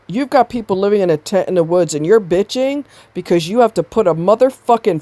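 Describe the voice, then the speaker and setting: A woman's voice: medium pitch, lively intonation, brisk, hardly any pauses, dark tone, no room sound. A woman giving a blunt, exasperated commentary on a video, swearing freely as she rants. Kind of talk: ranting commentary.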